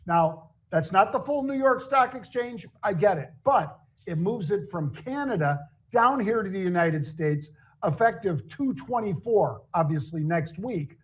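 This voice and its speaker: High-voiced man chatting about markets. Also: expressive, measured pace. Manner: chatty, jokey, laughs at own stories. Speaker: show co-host. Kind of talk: casual market talk show chat.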